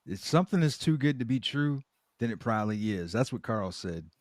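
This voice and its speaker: A man's voice: mid-range voice, expressive, brisk, dry recording, clean studio sound. A man co-hosting a podcast in casual chat, throwing in wry quips and short reactions. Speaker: podcast co-host.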